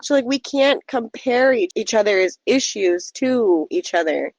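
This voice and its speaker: A woman's voice: a little high, animated, unhurried, darkish tone, dry recording, rough recording. A woman co-hosting a casual podcast, speaking earnestly and supportively. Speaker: podcast co-host.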